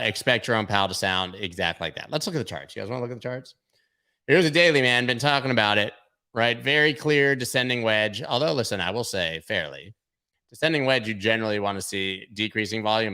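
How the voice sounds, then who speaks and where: A man with a lowish voice and a bright, forceful edge hosts a casual market stream. He talks loosely, jokes and rambles into asides as he goes through the charts. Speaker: host of a crypto market livestream.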